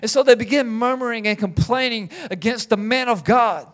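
High-voiced animated male pastor. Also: normal speed. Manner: animated, acts out biblical figures in quoted voices. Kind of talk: sermon.

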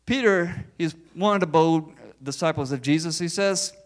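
High-voiced man preaching a sermon. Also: normal speed. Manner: emphatic, with repeated rhetorical questions. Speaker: pastor.

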